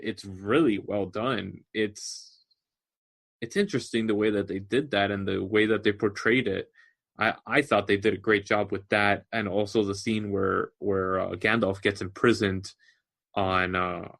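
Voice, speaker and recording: A man on a podcast with a somewhat low voice, talking casually. He gets animated explaining background lore in long, loose stretches. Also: gravelly. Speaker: podcast co-host. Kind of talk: casual chat.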